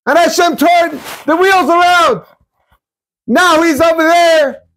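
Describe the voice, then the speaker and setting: A man voicing a generous new husband who exclaims emphatically in a much higher voice. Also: flat delivery, fairly quick, dark tone, husky. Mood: triumphant.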